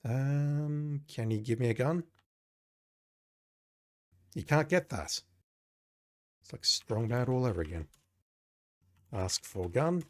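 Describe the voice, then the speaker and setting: A man's voice: medium pitch, lively intonation, slow, long pauses. A man playing an old adventure game, reading its text aloud and adding wry, joking asides. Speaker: game commentator.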